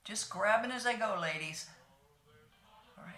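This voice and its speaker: A woman's voice: mid-range voice, a little slow, fairly bright tone, echoey room. A woman in her sixties, chatting casually with viewers as she does her makeup and narrates each step in a homey way. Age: 60s. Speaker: beauty vlogger.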